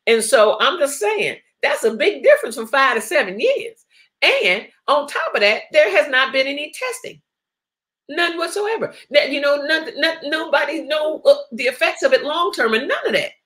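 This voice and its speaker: A woman's voice: high voice, big pitch swings, moderate pace, a bit bright. A woman hosting a live online talk show, chatting casually, reading viewer comments and laughing often.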